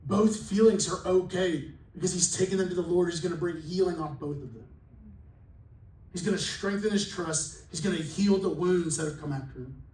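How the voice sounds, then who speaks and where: A pastor with a high, somewhat mellow voice delivers a sermon at normal speed in a church hall, keeping it conversational and jokey while acting out quotes. The recording sounds distant and echoey, with faint room noise.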